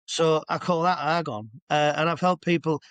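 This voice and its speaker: A man in his sixties chats his way through long anecdotes as a guest hypnotherapist. His voice sits a little high for a man, and it is recorded dry and close, over a video call from home. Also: fairly even intonation, normal speed, a bit bright, clean tone, no room sound. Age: 60s. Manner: chatty, rambling, stops to explain asides. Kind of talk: casual anecdotal storytelling. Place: at home with a dog nearby.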